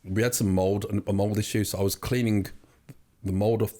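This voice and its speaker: A man's voice: fairly low pitch, fairly even intonation, normal speed, warm tone. A young man telling his story as an interview guest, rambling with many fillers and restarts. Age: young adult. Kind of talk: casual storytelling.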